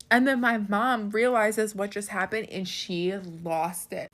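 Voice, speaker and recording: A woman's voice: mid-range voice, measured pace, hardly any pauses, a bit bright. A woman telling a casual storytime anecdote, laughing often and swearing freely.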